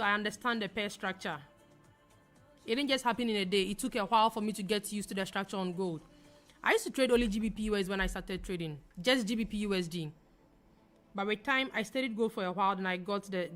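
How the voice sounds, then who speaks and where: A young woman from Ghana hosting a live trading stream, talking fast as she reads viewer comments aloud and answers them. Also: medium pitch, fairly bright tone. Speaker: forex trading livestream host. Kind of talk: casual livestream chat reading viewer comments.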